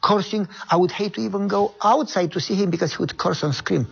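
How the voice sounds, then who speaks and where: A man, a minister speaking English as a second language, telling an animated story in an interview and acting out the voices he quotes. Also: sits high, brisk, gravelly, slightly rough, lo-fi sound. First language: not English. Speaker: guest minister.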